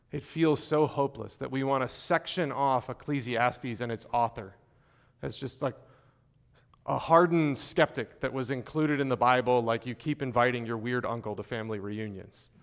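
A male pastor preaching a sermon in a measured, conversational way, with fillers and restarts, slowing to stress key phrases. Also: medium pitch, vocal fry. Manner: slows and stresses key phrases when reading scripture.

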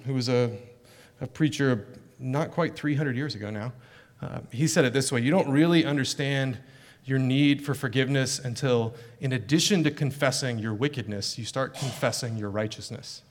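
A man's voice: mid-range voice, moderate pace, darkish tone. A middle-aged male pastor preaching an earnest, emphatic sermon full of rhetorical questions. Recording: long hall reverb.

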